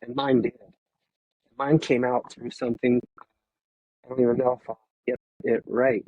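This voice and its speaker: Over a video call, a man in his fifties who once worked as a firefighter gives an emotional, candid interview full of halting pauses and restarts. He speaks in a mid-range voice with a level tone, and the phone-quality audio carries no room sound.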